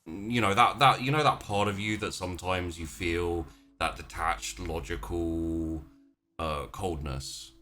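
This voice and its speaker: A man's voice: deep voice, measured pace, pushed and bright, soft background music. A man narrating as game master of a tabletop role-play, rambling as he searches for words.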